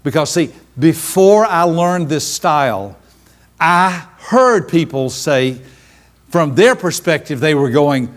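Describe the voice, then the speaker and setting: A man's voice: medium pitch, measured pace. A man, a business coach telling stories to a seminar audience and acting out the voices of people in them. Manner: animated, acts out quoted voices. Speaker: business coach giving a training. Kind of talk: live seminar storytelling.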